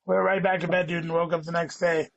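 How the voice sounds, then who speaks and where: A man's voice: fairly high pitch, flat delivery, fast, gravelly, a bit bright. A man in his thirties, a guest comedian, rambling through a story and saying "dude" a lot. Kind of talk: casual chat.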